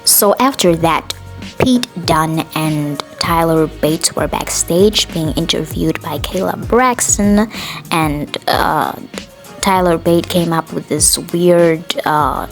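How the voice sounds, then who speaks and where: A woman's voice: low voice, takes it slowly, faint music behind. Chatty opinionated woman podcast host. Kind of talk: casual solo recap of a wrestling show.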